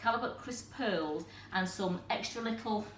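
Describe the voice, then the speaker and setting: Woman, mid pitch, talks viewers through a live cooking demo in an echoey kitchen with faint background hum. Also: normal speed. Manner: chatty, explains step by step to viewers. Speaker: cooking demonstrator and host.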